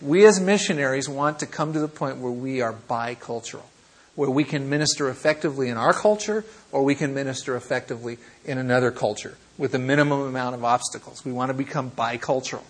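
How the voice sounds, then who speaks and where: Husky, animated American man lecturing. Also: medium pitch, fast. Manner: animated, playful teacher acting out examples. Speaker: missions lecturer. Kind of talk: classroom lecture. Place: classroom.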